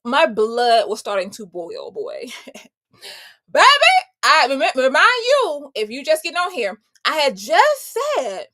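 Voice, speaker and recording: Bright, animated woman coach telling a story. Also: sits high, a little slow. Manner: animated, emphatic, addresses viewers as y'all. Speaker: life coach. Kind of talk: casual storytelling to viewers.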